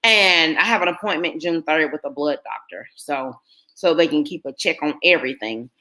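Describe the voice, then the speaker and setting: A woman's voice: sits low, normal speed, pushed and bright. A middle-aged woman, telling a personal story to her viewers in an earnest, emotional way. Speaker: vlogger.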